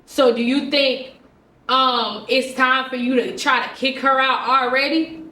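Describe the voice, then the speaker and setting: A woman quoting a blunt, dismissive father on the phone, in a flat and curt tone. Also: high-pitched, a little slow. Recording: roomy sound from a distant mic.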